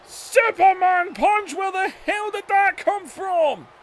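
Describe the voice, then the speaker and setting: A man hosting a gaming video, giving excited wrestling-style play-by-play that bursts into shouts. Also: very high-pitched, slow pace, a little hiss or hum. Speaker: YouTube gaming host.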